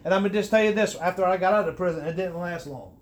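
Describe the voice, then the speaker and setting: A middle-aged man with a high voice tells his life story in an earnest, conversational way, restarting his sentences often. He grows animated when he stresses a point. A faint hiss sits under the recording. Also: fast talker. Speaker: guest sharing his testimony. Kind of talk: personal testimony, conversational.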